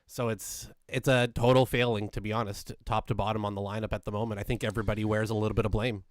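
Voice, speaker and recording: A man with a smooth, resonant voice co-hosting a sports call-in show. He keeps an even keel and talks in a measured way. The sound is dry and close, with no room echo. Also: fairly low pitch. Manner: even-keeled and measured, takes the calls. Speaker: co-host of a call-in hockey post-game show. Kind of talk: casual chat.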